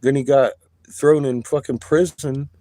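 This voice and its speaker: A man's voice: medium pitch, fairly even intonation, unhurried, dark tone, no room sound. A man on a casual, profane rant who swears constantly, laughs often and coughs between remarks. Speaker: livestreamer.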